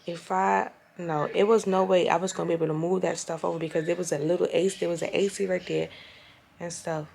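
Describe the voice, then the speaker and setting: A woman's voice: on the low side, gravelly, slight background noise. A young woman telling a casual, exasperated and profane storytime rant as a vlogger, recorded at home. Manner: exasperated, profane, animated retelling.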